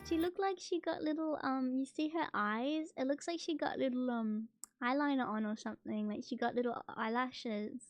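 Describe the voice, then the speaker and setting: Young aussie woman streamer, kinda high voice, soft and hesitant, lots of ums, dry mic. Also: steady tone, normal speed, no echo. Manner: hesitant, soft, many fillers. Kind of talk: casual chat.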